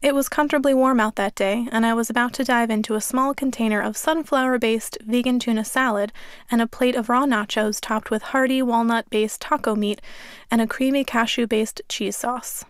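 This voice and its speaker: A woman author reading her memoir as an audiobook in a studio, in a steady, measured way. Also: fairly high pitch, no echo. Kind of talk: audiobook narration. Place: recording studio. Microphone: studio microphone.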